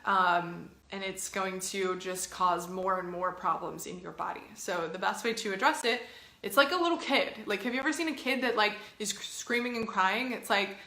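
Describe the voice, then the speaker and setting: Bright-voiced woman coaching in an echoey room. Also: mid-range voice, moderate pace. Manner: chatty and encouraging, with many filler words. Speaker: health and fitness coach. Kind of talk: casual coaching talk to camera.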